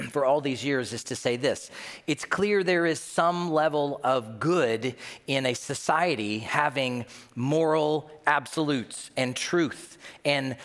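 A man preaching a sermon as pastor, animated, swinging between loud emphatic bursts and hushed low asides. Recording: long reverb of a large hall.

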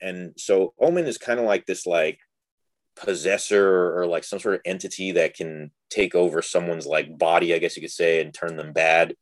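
A young man from Texas with a deep, low voice tells a story in a loose, casual way, packing his sentences with fillers. He acts out the people he quotes as he goes. The sound is dry and close. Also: normal speed, no echo. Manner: animated, filler-heavy, acts out quoted dialogue. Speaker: guest.

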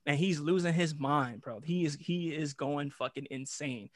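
Animated profane man from New York. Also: on the high side, moderate pace, no room sound, studio quality. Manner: animated, profane, slangy, acts out voices. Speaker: guest storyteller. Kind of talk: casual storytelling chat.

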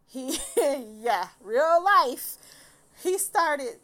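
A woman with a somewhat high voice tells a personal story in a loose, casual monologue. She is animated and profane, and laughter breaks into her telling. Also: drawn-out words.

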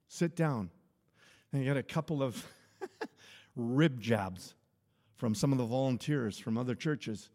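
A pastor with a medium-pitched, darkish voice speaks expressively and without hurry, leaving long pauses. His informal sermon unfolds as conversational stories, punctuated by chuckles and restarted phrases, all under long hall reverb.

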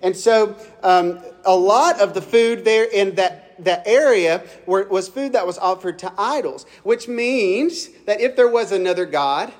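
A man's voice: sits high, unhurried, few pauses. A man preaching a sermon in a conversational, storytelling way, often restarting his phrases. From Kentucky. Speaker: pastor.

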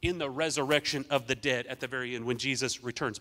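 A man preaching an energetic sermon as pastor, emphatic and urging the congregation to respond. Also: medium pitch, fast, few pauses, long reverb tail.

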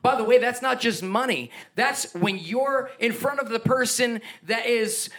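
A pastor preaches a sermon with emphatic energy, his voice pitched fairly high for a man. He slips into playful asides with a chuckle and speaks a little slowly.

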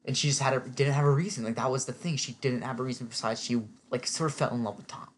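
A man's voice: medium pitch, fast, a little hiss or hum. Chatty opinionated man recapping a show. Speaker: TV recap vlogger. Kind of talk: casual spoken recap.

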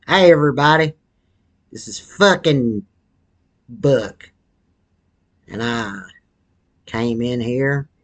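A crude, foul-mouthed slob of a man rambles in a slangy drawl, boasting that he is a rapper, as a man puts on the character. His voice sits at a middling pitch and drags along between drags on a cigarette. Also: fairly bright tone, lightly acted. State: smoking a cigarette while talking. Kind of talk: comedy sketch monologue.

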